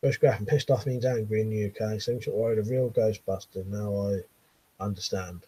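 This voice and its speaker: An English livestream host in his late thirties sits in his bedroom reading chat messages from viewers, trading relaxed, chuckling banter. His voice is lowish, mellow, and husky, with a steady tone and moderate pace, and there's no room sound.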